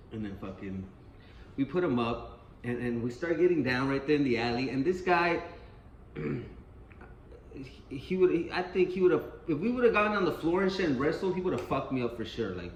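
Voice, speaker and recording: A man's voice: mid-range voice, slight background noise. A man telling a street story in a casual, rambling and profane way, often repeating himself. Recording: roomy echo, faint ambience.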